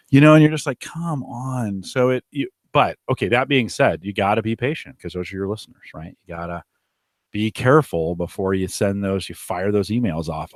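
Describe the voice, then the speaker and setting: Guy on a podcast, kinda low voice, rambly, keeps restarting, dry close mic. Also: dry recording. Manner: rambling, restarts sentences often. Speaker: podcast co-host. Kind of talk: casual podcast chat.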